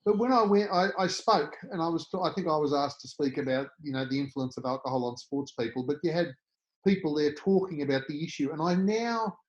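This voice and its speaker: This is a middle-aged man with an Australian accent, telling stories as a guest on a podcast. His voice sits a little higher than most men's. He talks like a born raconteur, throwing himself into every voice he quotes. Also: a little fast, muffled recording. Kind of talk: storytelling interview.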